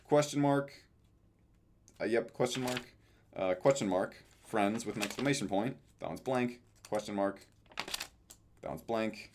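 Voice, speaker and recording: Young guy reading off his planner, kinda low voice, dry offhand asides, faint hiss behind. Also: a little mellow. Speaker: vlogger. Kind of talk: casual reading of journal entries.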